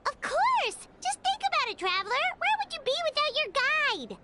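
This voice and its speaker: A woman's voice: very high-pitched, sing-song, moderate pace. A woman voicing a tiny, bubbly girl guide who speaks of herself in the third person, in a video game. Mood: cheerful. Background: game music.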